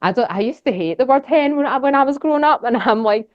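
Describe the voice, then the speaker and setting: A woman's voice: sits high, lively intonation, quick pace, no echo. A young woman with a Scottish accent talks casually and enthusiastically to a society audience, rambling with plenty of fillers. The recording is dry and a little dull. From Scotland. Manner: chatty, enthusiastic, rambling with many fillers and laughs. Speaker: guest speaker. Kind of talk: casual conference talk.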